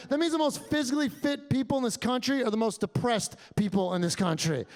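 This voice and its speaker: A male stand-up comedian on a club stage, telling stories in an animated way with voiced act-outs. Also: extremely high pitch, fast talker, vocal fry.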